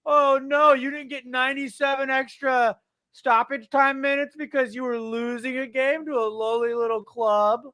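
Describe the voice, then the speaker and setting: A shrill, whiny mock fan who sneers and gloats in a high sing-song falsetto, as a man puts him on for a laugh. The taunting comes in drawn-out, sarcastic sighs, and it sounds up close and bright. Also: fairly even intonation. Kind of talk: casual chat.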